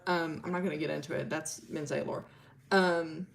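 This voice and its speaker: A woman's voice: sits low, fairly even intonation, moderate pace, creaky. Rambling young woman telling a story. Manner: rambling, filler-heavy, laughing. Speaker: streamer. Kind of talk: casual storytelling.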